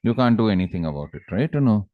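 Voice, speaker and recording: Indian english guy teaching exam prep, deep voice, calm and coaxing, kinda dull dry sound. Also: quick pace, no room sound. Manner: calm, coaxing, acts out characters in anecdotes. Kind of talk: exam-prep lecture with storytelling.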